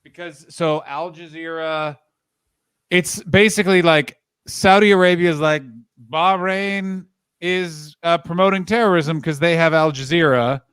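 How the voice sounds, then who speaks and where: A Canadian man with a slightly raised pitch tells rambling travel stories, slipping into the people he quotes. The sound is close and dry, with no room around it. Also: unhurried, fairly bright tone, clear, resonant tone, dry recording. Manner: rambling anecdotes with quoted dialogue. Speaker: podcast co-host. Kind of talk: casual chat, storytelling.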